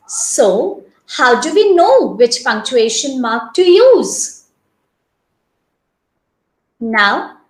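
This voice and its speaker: A woman teaches young children, speaking slowly and with care and pausing on rhetorical questions. Her voice sits high and moves a lot in pitch. The recording carries a noticeable room echo. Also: a bit bright. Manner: slow, deliberate explaining with rhetorical questions. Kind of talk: classroom lesson narration.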